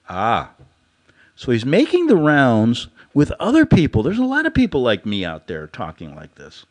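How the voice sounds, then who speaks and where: A man's voice: medium pitch, huge pitch swings, normal speed. Radio host guy rambling through a satirical story, voice swinging up and down a lot, laughs at his own jokes.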